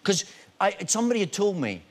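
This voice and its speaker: A man's voice: sits high, fast talker. A man telling anecdotes as a guest on a chat show, acting out what people said. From Scotland. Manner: lively storyteller, animated, acts out quotes. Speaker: actor guest.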